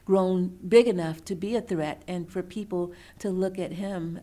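Thoughtful woman, somewhat low voice. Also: steady tone, warm tone. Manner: thoughtful, measured storytelling. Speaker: author and researcher guest. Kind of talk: interview answers.

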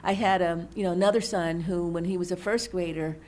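A middle-aged woman with a somewhat low voice, speaking as an interview guest. She explains and tells stories in a thoughtful, measured way. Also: steady tone, a little mellow. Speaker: author and researcher guest. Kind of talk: interview answers.

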